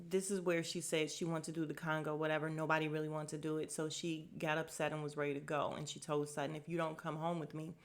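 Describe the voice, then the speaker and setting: Sassy woman recapping reality TV. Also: fairly low pitch. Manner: animated, sassy, mocks people's quotes in put-on voices. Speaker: podcast host. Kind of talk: casual TV recap commentary.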